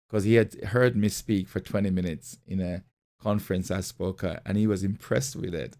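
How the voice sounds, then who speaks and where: A man's voice: deep voice, fairly even intonation, normal speed, warm tone. A middle-aged male pastor giving a motivational sermon, telling a personal story and repeating key phrases. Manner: storytelling, repeats phrases, acts out quoted voices.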